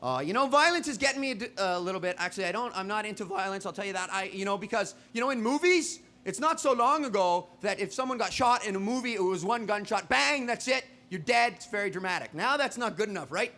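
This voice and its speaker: High, bright-voiced rambling man comic. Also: animated, fast talker, hardly any pauses. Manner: rambling, conversational, putting on little voices for bugs. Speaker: stand-up comedian. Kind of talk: stand-up comedy. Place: stage in front of a live audience.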